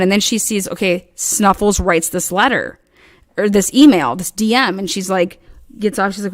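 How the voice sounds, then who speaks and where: A woman's voice: medium pitch, brisk, dry recording, studio quality. Profane, rambling woman recounting drama. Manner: rambling, profane, quotes others in animated bursts. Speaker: online commentator. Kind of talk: casual recounting of online drama.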